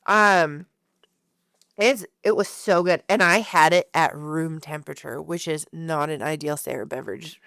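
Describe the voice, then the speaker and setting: Lower-pitched woman, lively chatty storyteller. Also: measured pace, dry recording, clean studio sound. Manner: animated storyteller who acts out quotes and laughs often. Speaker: podcast co-host. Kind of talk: casual chat.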